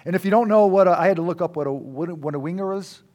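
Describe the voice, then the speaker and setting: A man with a slightly raised pitch tells a personal story to an audience. He speaks reflectively and often stops to restart a phrase before going on. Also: racing, dark tone.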